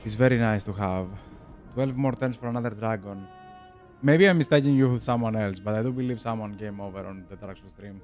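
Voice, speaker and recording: A man's voice: fairly low pitch, fairly quick, darkish tone, soft background music. A young man from Greece with a Greek accent, streaming a strategy game and chatting casually with viewers, laughing often. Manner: chatty, laughs often, addresses chat as "bro". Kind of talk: casual chat while gaming.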